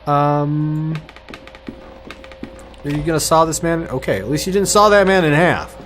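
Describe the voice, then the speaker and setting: A man's voice: on the high side, unhurried, a bit bright, faint music behind. A man casually commenting on a game as he plays, tossing out jokes and asides. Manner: joking asides, laughs at himself. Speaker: gamer playing and reacting to a game. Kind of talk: let's-play commentary.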